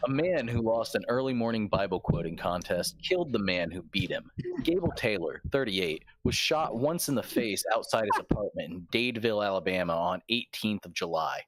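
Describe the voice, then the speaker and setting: A man in casual podcast chat, reading odd news aloud and cursing excitedly. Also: fairly low pitch, a little fast, few pauses. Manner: profane, excitable.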